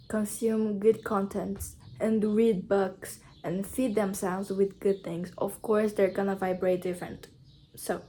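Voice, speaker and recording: A woman's voice: mid-range voice, darkish tone, a little hiss or hum. A woman from Brazil with a Brazilian accent, giving motivational advice to camera in an earnest, repetitive, casual way. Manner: earnest, repetitive, simple phrasing. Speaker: vlogger.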